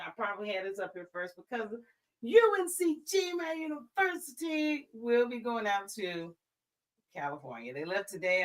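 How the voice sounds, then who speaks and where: A woman co-hosting a podcast, chatting casually about sports, animated and teasing in her playful trash talk. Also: mid-range voice, low-quality recording. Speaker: podcast co-host.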